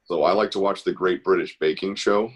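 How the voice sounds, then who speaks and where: A man's voice: deep voice, fairly even intonation, brisk, husky. Upbeat encouraging man hosting an art class. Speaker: host of an online art class. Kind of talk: casual live-stream teaching.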